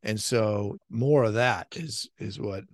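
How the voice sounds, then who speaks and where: A man's voice: fairly low pitch, slow pace, no room sound, clean studio sound. A man hosting an interview, agreeable and encouraging, with many short affirmations. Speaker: podcast host. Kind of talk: casual interview chat.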